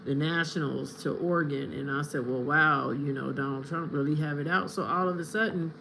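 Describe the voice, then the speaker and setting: An American livestreamer rambles through an unscripted monologue to viewers in chat and keeps drifting off on tangents. The voice sits at an ordinary middle pitch, and faint ambient noise runs underneath. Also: fairly even intonation, a little fast, vocal fry, bright, forceful tone, rough recording. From United States. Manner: rambling, grows heated and confrontational.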